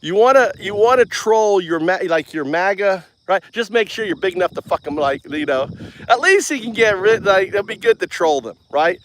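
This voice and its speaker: Guy rambling on solo, kinda high voice, jokey and mocking, says "right?" constantly. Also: lively intonation, normal speed, a bit bright, slight background noise. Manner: rambling, tags lines with "right?", restarts often; mocking, jokey, chuckles while talking. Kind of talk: casual rambling monologue.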